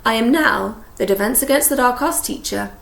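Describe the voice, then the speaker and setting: A woman voicing a prim, squat, condescending woman official who talks slowly and patronisingly. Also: a little high, creaky, echoey room, voice pushed up. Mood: pompous. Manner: slow, loud, patronising.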